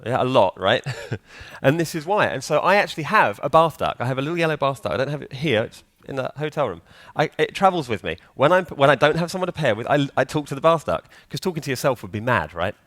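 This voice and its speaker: A man's voice: mid-range voice, very animated, quick pace, hardly any pauses, fairly bright tone. A man giving a live conference talk in a hall, chatty and joking, quizzing the audience. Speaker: conference speaker.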